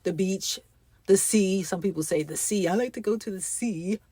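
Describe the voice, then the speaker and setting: A woman's voice: medium pitch, moderate pace, mellow, slightly rough, no echo. Encouraging woman podcast host. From United States. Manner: emphatic, encouraging, repeats key phrases. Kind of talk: faith-based motivational talk.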